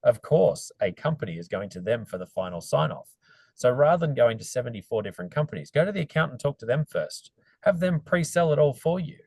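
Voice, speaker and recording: A man speaking as a panelist in an online discussion, telling stories in an animated, emphatic way on a video call. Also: medium pitch, fairly quick, creaky, dry recording, low-quality recording.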